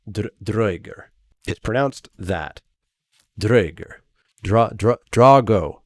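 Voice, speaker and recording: A man's voice: on the low side, unhurried, dry recording. A man reviewing cards in a casual, chatty way, loose with fillers and self-corrections, laughing at his own remarks. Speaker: card game reviewer. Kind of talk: casual draft set review.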